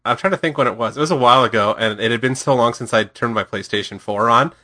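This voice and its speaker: A man rattles along quickly on a podcast, rambling and poking fun at himself. His voice is bright and forward. He sounds casual among friends. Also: medium pitch. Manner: quick, rambling, self-deprecating. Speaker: podcast co-host. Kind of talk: casual chat.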